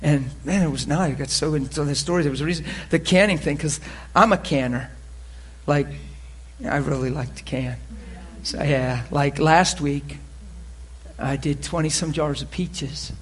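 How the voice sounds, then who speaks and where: A pastor telling a story from the pulpit in an animated way, dropping quiet and then laughing and shouting. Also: male voice, a little high, normal speed, slightly rough. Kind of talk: storytelling sermon. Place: church sanctuary pulpit.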